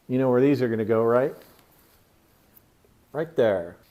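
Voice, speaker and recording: A man's voice: mid-range voice, measured pace, heavy background noise. A man from Pennsylvania hosting a casual unboxing vlog, talking loosely with lots of swearing and rambling asides. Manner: scolds his pet mid-talk. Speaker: tattoo channel host.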